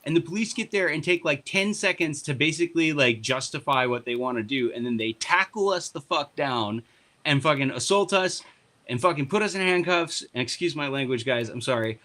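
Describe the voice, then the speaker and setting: A man, a party board member, telling a long story on a podcast in a casual, animated and profane way. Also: on the high side, a little fast.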